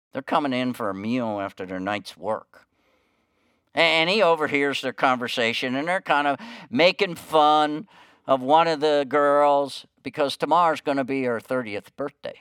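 A man preaching a sermon, telling a story with hushed quoted lines and rising emphasis. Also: medium pitch, clean tone, dry recording, studio quality. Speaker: pastor.

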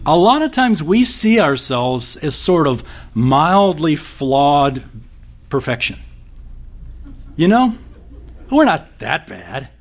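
A man's voice: fairly high pitch, very animated, slow, pauses often. Folksy male preacher. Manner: conversational, folksy with corny jokes. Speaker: pastor. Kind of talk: sermon.

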